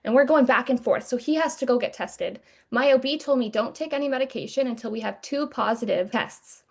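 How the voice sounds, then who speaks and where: Young female podcast host, fairly high voice, candid and animated storyteller, swears casually. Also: brisk. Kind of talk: emotional personal storytelling.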